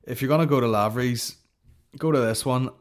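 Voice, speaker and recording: A Northern Irish man hosting a comedy podcast, rambling through stories and plugs while swearing at nearly every turn. His voice sits at an ordinary middle pitch for a man, and the talk is loose and off the cuff. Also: brisk. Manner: profane, rambling, swears constantly. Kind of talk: casual comedic rant.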